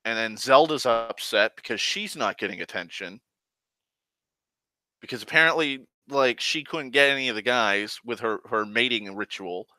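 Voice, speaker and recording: A man's voice: mid-range voice, bright, forceful tone, clear, resonant tone, no room sound. A young man telling a long personal story in casual talk, swearing often and backtracking to correct himself. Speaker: host.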